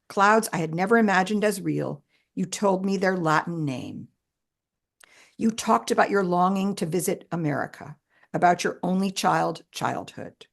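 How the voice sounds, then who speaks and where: A woman author reading her own personal essay aloud in a measured, expressive way with shifting emphasis. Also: mid-range voice, creaky.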